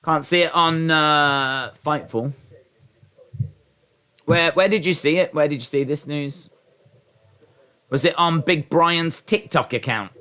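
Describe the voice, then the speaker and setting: A man's voice: fairly high pitch, slow, long pauses, pushed and bright, clear, resonant tone. A man hosting a live wrestling watch-along, chatting and answering his viewers in rambling asides. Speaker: livestream host.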